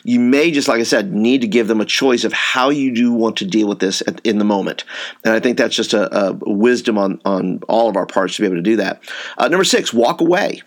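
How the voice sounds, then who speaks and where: A man's voice: fairly low pitch, fairly quick. A man giving an informal training talk to youth workers, rambling, with frequent fillers and repeated words. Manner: says he tends to raise his voice.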